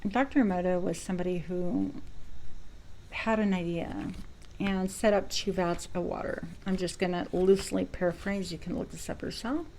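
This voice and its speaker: A woman's voice: lowish voice, moderate pace, a little mellow, a little hiss or hum, poor audio. A woman giving a spiritual card reading to her viewers, reflective and searching for words as she goes. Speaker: tarot reader.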